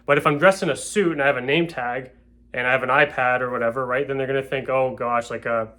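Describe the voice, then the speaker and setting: A real estate agent talks through a door-knocking lesson from his home, at an everyday middle pitch. His delivery is casual and conversational. He often stops to play out a scene on the doorstep. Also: fairly even intonation, quick pace, bright, forceful tone. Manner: chatty, checks in with "okay?" and "right?", acts out door-step scripts. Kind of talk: casual spoken sales lesson.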